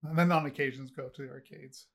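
A man's voice: a little high, steady tone, fast talker, creaky. A middle-aged man, a podcast co-host, chatting casually and rambling with lots of fillers. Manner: rambling, heavy on fillers, laughs often. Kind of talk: casual chat.

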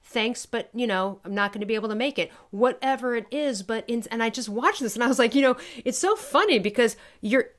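A woman's voice: a little high, lively intonation, fairly quick, hardly any pauses. A woman in casual conversation, telling a story emphatically and swearing freely. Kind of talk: casual chat.

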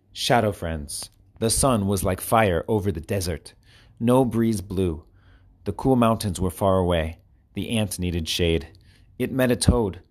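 A man reading short children's stories aloud with clear, expressive storytelling. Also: lowish voice. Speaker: narrator.

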